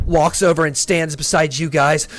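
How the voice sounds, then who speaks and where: A man's voice: a little high, measured pace. A man narrating a fantasy tabletop game as game master, describing scenes vividly and in gory detail.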